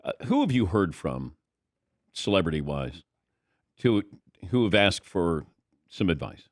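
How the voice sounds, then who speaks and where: A man's voice: deep voice, very animated, a little slow, dry recording, studio quality. A man hosting a radio talk show, interviewing a guest in an easygoing way. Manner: easygoing, laughs along, short prompts. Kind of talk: casual interview. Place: radio studio.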